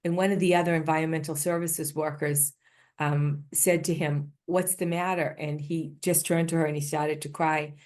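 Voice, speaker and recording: A woman's voice: low-pitched, flat delivery, moderate pace, darkish tone. An older woman with a Boston accent, giving an earnest, story-driven conference keynote with frequent restarts. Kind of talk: conference talk.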